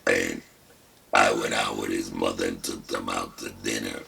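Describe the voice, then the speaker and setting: An older man hosts his own talk show, telling his story in a casual, deliberate way with wry self-mockery. His gravelly, rasping voice comes through a throat prosthesis, rumbling low with fairly even intonation and a pushed, bright quality. The mic is distant, with faint background hiss.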